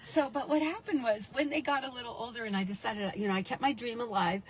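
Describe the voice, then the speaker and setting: A middle-aged woman telling her personal story as an interview guest, animated and acting out the people she quotes. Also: a little high, quick pace, low-quality recording. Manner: animated, acts out quoted voices.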